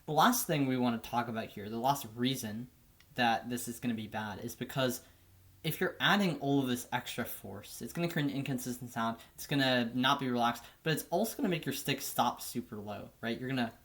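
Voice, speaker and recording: A man teaching drum technique in a relaxed, casual way, often checking in with "right?". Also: medium pitch, fairly quick. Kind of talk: casual instructional explanation.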